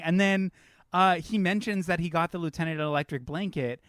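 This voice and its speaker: A man's voice: high-pitched, brisk, a bit bright, no echo, studio quality. A man co-hosting a film podcast, joking casually and acting out scenes with mocking quoted voices. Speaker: podcast co-host.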